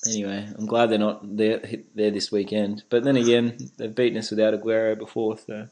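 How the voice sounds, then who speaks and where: A man's voice: lowish voice, level tone, brisk, a little mellow, poor audio. A man co-hosting a casual sports podcast, joking and laughing, often repeating words as he goes. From Australia. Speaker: podcast co-host.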